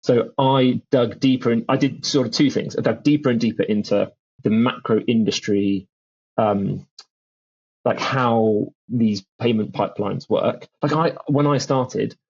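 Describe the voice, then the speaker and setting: Gravelly man, chatty storyteller. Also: medium pitch, fairly even intonation, unhurried, a little mellow, muffled recording. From England. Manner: chatty storyteller, lots of "like" and restarts. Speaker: guest, music publishing founder. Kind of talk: conversational podcast interview.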